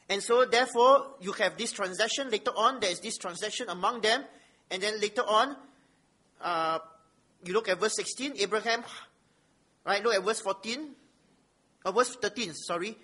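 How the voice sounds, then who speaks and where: Bright, high-voiced male preacher. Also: a little fast, slightly rough. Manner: emphatic, asks the listeners rhetorical questions. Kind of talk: sermon with scripture reading.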